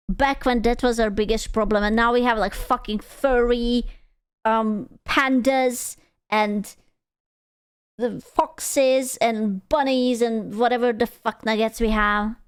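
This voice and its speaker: A woman's voice: on the high side, fairly even intonation, takes it slowly, clean tone, dry recording, clean studio sound. A young woman streamer reacting to a video in casual, crude, jokey commentary, often stumbling and restarting her sentences.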